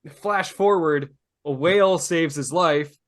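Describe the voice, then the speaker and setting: A man co-hosting a podcast in relaxed casual chat, laughing as he retells scenes. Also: on the high side, slow. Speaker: podcast co-host.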